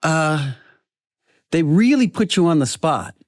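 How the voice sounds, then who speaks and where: A male actor in a casual interview, telling stories with lively acted-out dialogue. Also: a little high, slow pace, no echo, clean studio sound. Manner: animated storyteller, acts out quoted dialogue. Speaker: actor guest.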